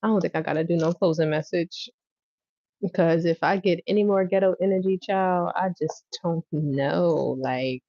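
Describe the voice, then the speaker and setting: A woman's voice: fairly low pitch, moderate pace, dry recording, dull audio. Profane, laughing woman tarot reader. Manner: blunt, profane, laughs loudly and acts out scenes. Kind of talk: casual livestream tarot reading.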